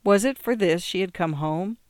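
An audiobook narrator reading literary fiction in a steady, measured way. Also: mid-range voice, no echo. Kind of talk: scripted narration.

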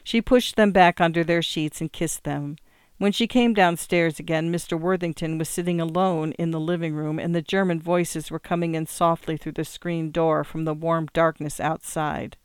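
An audiobook reader narrates a novel in an even, measured way. The voice is smooth and clean, recorded close and dry. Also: medium pitch, dry recording.

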